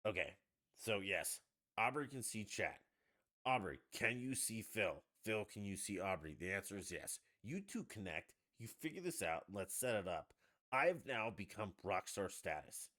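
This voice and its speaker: A man hosting a podcast livestream, ranting casually with lots of swearing and sudden loud outbursts. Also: on the low side, normal speed. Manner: profane, ranting, animated outbursts. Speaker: podcast host.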